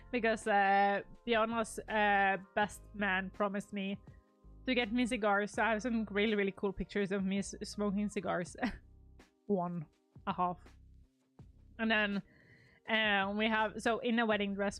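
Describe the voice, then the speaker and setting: A woman's voice: medium pitch, a bit bright. A young woman chatting casually on a live stream, gushing and rambling as she shows her wedding photos, laughing often.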